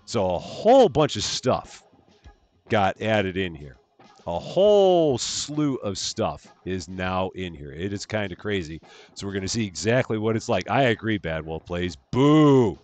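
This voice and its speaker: A man's voice: sits low, sing-song, measured pace. A man hosting a live game stream, greeting viewers by name in a cheerful sing-song lilt. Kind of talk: live gameplay stream chat.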